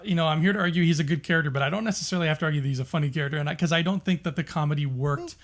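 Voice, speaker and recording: High-pitched guy on a podcast, super animated, laughs a lot, lots of restarts. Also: rapid-fire. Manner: passionate, emphatic. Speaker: podcast co-host. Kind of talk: casual podcast debate.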